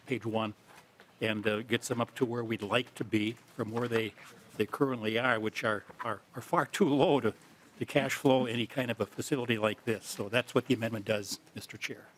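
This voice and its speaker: A man, a legislator, presents his bill to a committee in a plain, halting way. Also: medium pitch. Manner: plain, halting, many fillers.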